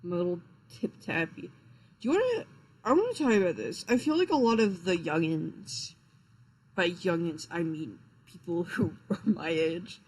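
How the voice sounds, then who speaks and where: A man's voice: high voice, animated, normal speed, breathy edge, low-quality recording. A young man chatting casually on a live stream, rambling and swearing, with lots of fillers and restarts, sounding tired. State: tired, yawning.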